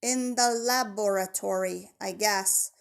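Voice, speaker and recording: A woman's voice: medium pitch, steady tone, takes it slowly, gravelly, smooth. A woman voicing a friendly, bold young girl from an island, speaking up cheerfully. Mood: chatty.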